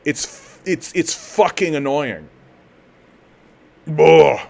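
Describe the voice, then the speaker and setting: A man from Canada rants heatedly on his livestream, swearing often and tripping over his words as he restarts his sentences. His voice sits at a middle pitch. Between rants he reads out viewer comments and answers them in a looser, casual tone. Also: measured pace. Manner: profane, heated ranting with repeated restarts. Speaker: political commentary host. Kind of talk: livestream commentary, reading chat.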